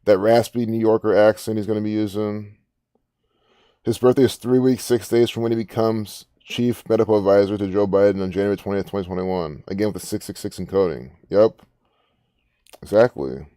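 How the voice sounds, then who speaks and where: A man with a low, dark, mellow voice talks through social media posts in a loose, rambling way, swearing and sounding incredulous. The sound is close and dry, with no room around it. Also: fairly even intonation, a little fast, dry recording. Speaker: online commentator. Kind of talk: casual commentary reading social media posts.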